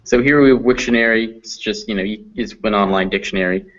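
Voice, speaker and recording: A man teaching English pronunciation in an online class, patiently explaining phonetic symbols and slowing down to demonstrate sounds. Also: lowish voice, a bit bright, dull audio, a little hiss or hum.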